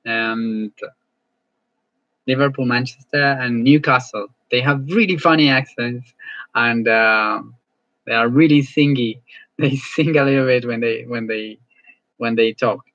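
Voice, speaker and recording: A male English teacher chatting casually as he closes an online class, friendly and halting, often repeating words. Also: mid-range voice, a bit bright, no room sound, highs cut off.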